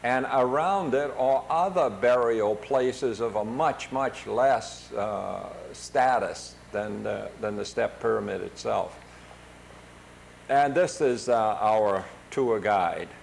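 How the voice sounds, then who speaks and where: An older man from the United States narrating his travel photos casually, with many pauses, fillers and restarts. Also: fairly low pitch, vocal fry, a little hiss or hum.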